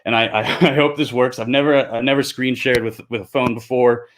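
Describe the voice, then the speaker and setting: A man's voice: medium pitch, steady tone, fairly quick. A man, co-founder of a project, hosting a live stream and talking earnestly, growing heated and insistent, with frequent restarts. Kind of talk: unscripted livestream monologue.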